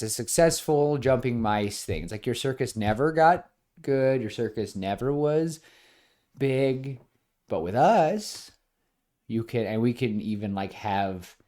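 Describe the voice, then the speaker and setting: A male podcast co-host in loose, animated chat. He acts out scenes and fills his talk with "like". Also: medium pitch. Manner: frequent fillers like "like". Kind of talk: casual pitch-meeting chat.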